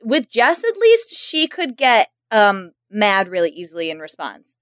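A young woman co-hosting a casual podcast chat, animated and laughing as she acts out quotes. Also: medium pitch, measured pace, no echo, clean studio sound. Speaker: podcast co-host.

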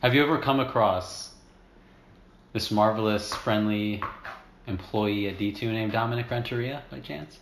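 A man's voice: lowish voice, normal speed, reverberant, slight background noise. A young man co-hosting a casual podcast, playfully questioning his friend like a mock interviewer. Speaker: podcast co-host. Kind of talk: casual chat.

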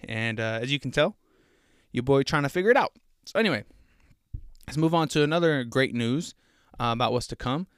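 A man's voice: mid-range voice, expressive, fairly quick, long pauses, clean tone, no echo, clean studio sound. A young man hosting a casual faith podcast, rambling earnestly with lots of fillers, a little out of breath. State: slightly out of breath. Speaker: podcast host.

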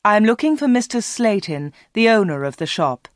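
A woman voicing a nervous, glamorous female film star in a storybook reading, speaking quietly and hesitantly. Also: mid-range voice, very animated, normal speed, no echo, clean studio sound, lightly acted.

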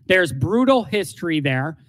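Man, high voice, emphatic and opinionated, casual sports podcast co-host. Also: big pitch swings, measured pace, fairly bright tone.

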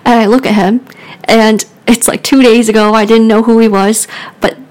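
A woman's voice: on the high side, fairly even intonation, normal speed, poor audio. A woman hosting a podcast, telling a story in casual chat. She rambles, fills her talk with "like" and laughs often. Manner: rambling, filler-heavy with frequent "like". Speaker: podcast host.

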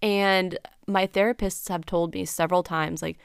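A woman's voice: lowish voice, fairly even intonation, moderate pace, creaky, clean tone, no echo, clean studio sound. A young adult woman hosting a podcast, telling a personal story in a candid, rambling way full of fillers and acted-out dialogue. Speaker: podcast host.

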